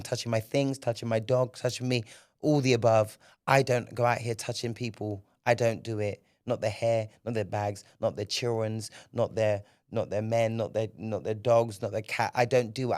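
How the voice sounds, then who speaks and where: A man's voice: lowish voice, fairly quick. Profane man ranting on a podcast. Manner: animated, profane storytelling. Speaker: podcast host. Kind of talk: solo podcast rant.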